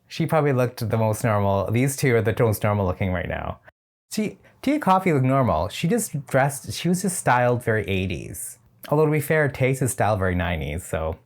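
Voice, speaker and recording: A man's voice: fairly low pitch, very animated, fairly quick. A man reviewing a drag competition show in a casual, chatty reaction style, with opinionated and slightly shady asides.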